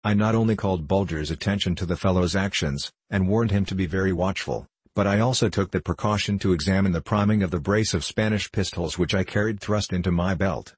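A man narrating a classic novel in a measured, even storytelling manner. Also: sits low, breathy edge, dry recording. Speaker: audiobook narrator.

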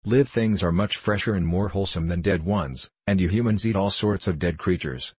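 Guy reading as a gruff blunt yellow hen from a storybook, deep husky voice. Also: normal speed, no room sound. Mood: matter-of-fact. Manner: gruff, blunt and self-assured. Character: gruff, matter-of-fact female yellow hen. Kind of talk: audiobook character reading.

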